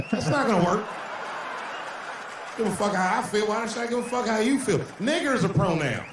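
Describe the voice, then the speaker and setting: A man's voice: high voice, animated, brisk, crowd noise. A man tells stand-up stories loaded with profanity and jumps into mimicked voices for the people in them. He is heard from far off in a large, echoing performance space, with a faint wash of noise underneath. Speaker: stand-up comedian. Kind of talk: stand-up routine. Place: stage in a large venue.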